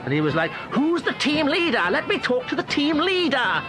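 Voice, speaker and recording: A man's voice: extremely high pitch, very animated, normal speed. An actor playing a gossipy male warlock performer, mocking a coworker and mimicking people as he tells a story. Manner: chatty, mocking, acts out quotes in funny voices. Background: music.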